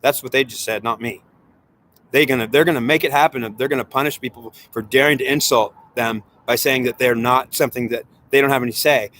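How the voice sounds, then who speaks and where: A man's voice: mid-range voice, steady tone, brisk, a bit bright, slight background noise. A man giving an impassioned spiritual monologue, talking in an agitated, rambling way that keeps circling back and repeating itself. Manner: agitated and rambling, with frequent repetition.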